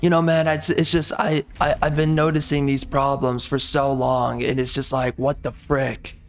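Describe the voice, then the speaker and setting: A man's voice: on the high side, monotone, normal speed, soft background music. A man ranting angrily and repeating himself while commenting over gameplay in a video. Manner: angry, repetitive, exasperated ranting. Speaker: gaming video creator.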